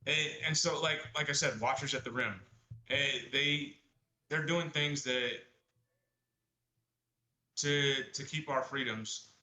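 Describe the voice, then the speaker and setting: Hesitant male co-host, bright tone, distant echoey room sound. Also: mid-range voice, steady tone. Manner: hesitant, halting, many fillers. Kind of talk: casual chat on a live stream.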